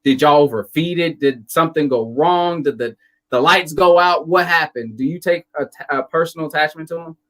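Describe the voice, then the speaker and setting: A man's voice: a little high, brisk, fairly bright tone. A man in casual podcast chat who tells stories and acts out what people said. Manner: storytelling, acts out quotes.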